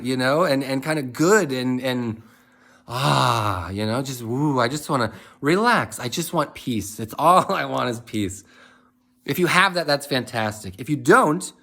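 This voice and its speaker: A man speaking in a reflective, rambling monologue, asking many questions and laughing softly now and then. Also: a little high. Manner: rambling, questioning, with frequent restarts and soft laughs. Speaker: motivational speaker.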